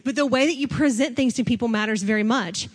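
A woman pastor preaching a sermon in a relaxed, conversational way, laughing now and then and acting out what people say. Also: on the high side, fast. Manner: conversational, laughs often, acts out quoted speakers.

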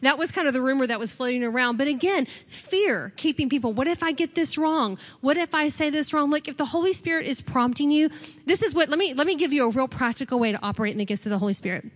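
A woman's voice: high voice, animated, fast. Conversational woman pastor preaching. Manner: conversational, laughs often, acts out quoted speakers. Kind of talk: sermon.

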